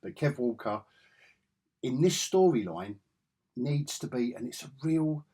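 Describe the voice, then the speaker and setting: A man's voice: mid-range voice, lively intonation, a little slow, mellow. An English man with an enthusiastic, rambling way of talking, reviewing comic books in a casual vlog. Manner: rambling, enthusiastic, self-correcting.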